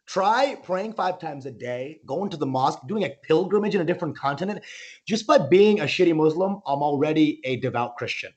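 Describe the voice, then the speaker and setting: A man doing animated, rambling stand-up comedy over a video call, often tossing in "okay?" and "oh my God". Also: fairly high pitch, fairly quick.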